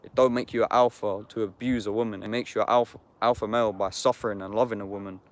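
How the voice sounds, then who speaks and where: A man's voice: on the low side, fairly even intonation, fast talker. A man in a casual livestream chat, talking bluntly and heatedly, swearing and saying "bruv" constantly.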